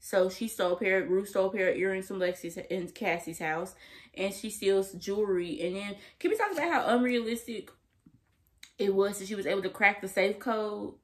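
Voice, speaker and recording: A young woman casually recapping a TV episode to camera, animated and emphatic, full of slang and laughter. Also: mid-range voice, moderate pace. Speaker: TV episode reviewer.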